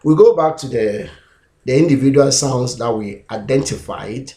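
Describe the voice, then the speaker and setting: A man's voice: mid-range voice, moderate pace, dark tone, roomy sound. A man teaching an English pronunciation lesson, sounding out and repeating each sound several times on his own camera. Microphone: self-recorded camera.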